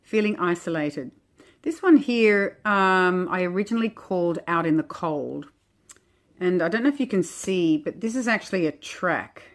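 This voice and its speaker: An oracle deck creator with a slightly low voice goes through her oracle cards one at a time in a casual walk-through. Gentle and reflective, she muses aloud in a chatty, unhurried way, as though confiding in a friend.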